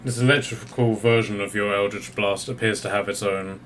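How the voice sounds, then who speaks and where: A man narrating a tabletop game as game master, often pausing mid-sentence to find his words. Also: fairly low pitch, steady tone, a bit bright, a little hiss or hum.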